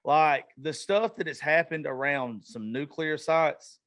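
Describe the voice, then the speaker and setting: Excitable, swearing podcast host. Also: male voice, on the high side, a little slow. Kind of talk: casual chat.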